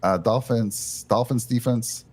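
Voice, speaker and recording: A man's voice: mid-range voice, unhurried, a little mellow. A man hosting a live postgame reaction show, upbeat and leading the talk. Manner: upbeat, leads the discussion. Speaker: podcast host.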